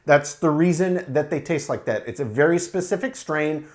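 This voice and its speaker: A man reviewing a beer to camera in a relaxed, explanatory way, with frequent fillers. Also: fairly high pitch, moderate pace.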